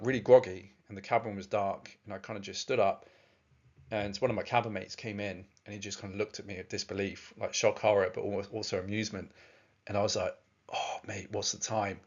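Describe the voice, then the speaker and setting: A man's voice: on the low side, lo-fi sound. A man telling a long personal story in a casual, rambling way, with many fillers and restarts. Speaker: presenter.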